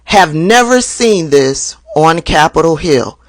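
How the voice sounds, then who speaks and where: A woman hosting a political commentary show, reading a news account aloud in a slow, deliberate way. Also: low voice, animated, dry recording.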